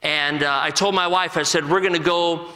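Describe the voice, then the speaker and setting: Earnest preacher in his forties, bright tone. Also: fairly high pitch, steady tone, big-room sound, rough recording. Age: 40s. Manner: earnest, halting with many restarts. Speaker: assistant pastor. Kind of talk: personal testimony sermon.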